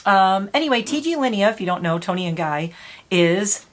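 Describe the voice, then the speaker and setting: A woman in her fifties talking to camera in a casual, rambling way, blunt and sweary with quick self-mocking asides, her throat dry enough that she clears it now and then. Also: medium pitch, expressive. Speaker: beauty YouTuber.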